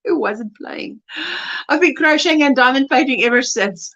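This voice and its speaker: A woman's voice: high-pitched, expressive, normal speed, muffled recording. A South African woman hosting a crochet livestream, casually greeting viewers and reading their chat messages aloud. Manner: warm greetings, reads chat messages aloud, laughs often.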